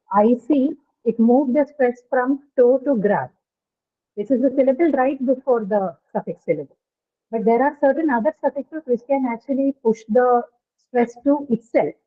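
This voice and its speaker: A woman giving an online lecture in an explanatory way, often checking in with "right?" after each point. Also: fairly high pitch. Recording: tinny phone-like audio.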